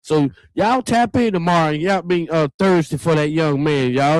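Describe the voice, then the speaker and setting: A man's voice: a little high, normal speed, hardly any pauses, a little mellow, no echo. A man hosting a casual livestream talk show in a chatty, folksy way, constantly addressing the viewers.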